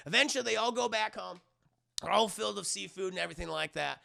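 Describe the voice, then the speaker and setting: Brief: excitable, foul-mouthed male streamer reviewing a film, high, sharp voice. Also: quick pace, vocal fry. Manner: excitable, profane, retells scenes animatedly. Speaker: movie reviewer and live streamer. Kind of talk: casual live-stream movie review.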